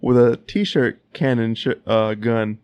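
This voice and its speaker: A man co-hosting a casual podcast, telling stories haltingly with repeats and chuckles. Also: mid-range voice, darkish tone, clear, resonant tone. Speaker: podcast co-host. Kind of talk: casual chat.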